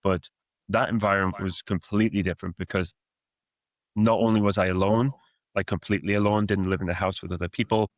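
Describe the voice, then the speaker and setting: A man in his thirties with a softened Geordie accent, reflecting on his coaching path in a casual podcast interview, rambling with many fillers. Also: low-pitched, steady tone, a little fast, no echo. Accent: Geordie, softened by years in the US. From Newcastle, England. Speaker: guest, football coach.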